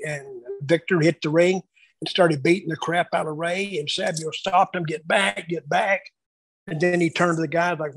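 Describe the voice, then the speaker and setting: A man reminiscing casually about his years booking shows, telling lively anecdotes and acting out the quotes. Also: on the high side, no echo, poor audio. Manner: animated storyteller acting out quotes. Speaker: wrestling booker telling stories.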